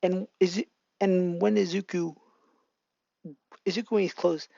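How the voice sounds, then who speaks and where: Rambling fan storyteller with gravelly voice. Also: medium pitch, steady tone, a little slow, warm tone, dry recording. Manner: rambling, with frequent restarts. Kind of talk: casual story narration. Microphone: home microphone. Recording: lo-fi dry home mic.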